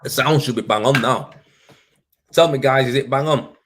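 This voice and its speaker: Speaking at a moderate pace and medium pitch, a Yorkshire-accented livestream host chats casually through viewer comments with background noise behind him. His talk is rambling, full of fillers and swearing, picked up by a plugged-in desk mic.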